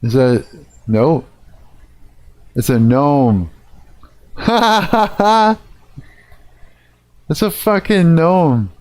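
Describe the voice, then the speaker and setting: A man's voice: on the high side, sing-song, extremely slow, long pauses, darkish tone, no echo. A man live-streaming, reacting casually to a video, laughing often and swearing as he thinks aloud.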